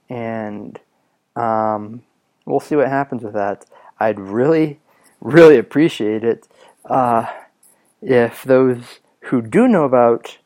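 Young male podcast host, raspy from coughing, smooth underneath, rambling and casual. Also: medium pitch, a little mellow. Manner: rambling, many ums and restarts. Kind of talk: casual solo podcast talk.

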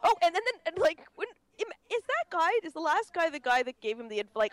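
A woman's voice: extremely high pitch, quick pace, hardly any pauses, dry recording. A woman co-hosting a casual true-crime podcast, rambling and swearing freely. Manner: animated, swearing, rambling with restarts. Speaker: podcast co-host.

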